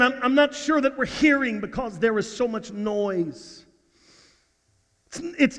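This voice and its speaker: A male pastor preaching a sermon, with dramatic swings down to near-whispers and stammering restarts. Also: high-pitched. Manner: dramatic dynamics, dropping to hushed near-whispers. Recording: reverberant hall.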